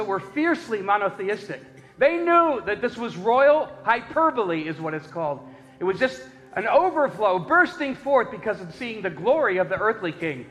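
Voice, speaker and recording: Man, sermon, high-pitched voice, dramatic loud and low swings, repeats words, long reverb. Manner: dramatic swings between loud emphatic peaks and low intense asides; repeats words and restarts phrases. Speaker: preacher.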